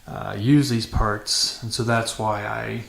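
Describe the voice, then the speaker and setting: A man's voice: on the low side, little pitch movement, slow pace, creaky, fairly bright tone. A man hosting a dirt bike vlog, talking casually to camera with many fillers and restarts in a matter-of-fact way. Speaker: channel host. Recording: echoey room with faint noise.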